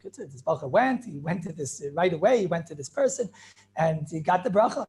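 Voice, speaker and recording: A man's voice: on the high side, lively intonation, a little fast, darkish tone. A man, a rabbi, telling inspirational stories, repeating phrases and dropping Yiddish and Hebrew words into his talk. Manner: retells stories with many repeated phrases and restarts.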